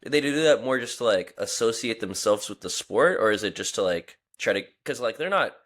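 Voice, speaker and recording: A man's voice: lowish voice, animated, brisk, a bit bright. A man co-hosting a podcast, speaking casually and rambling with lots of filler words. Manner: rambling, heavy use of "like". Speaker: podcast co-host.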